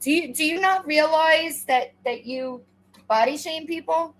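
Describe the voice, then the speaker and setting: Sarcastic woman with a higher voice, confronting. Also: measured pace, a bit bright, rough recording. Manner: confrontational, sarcastic, stammering restarts. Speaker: commentator. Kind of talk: reaction commentary.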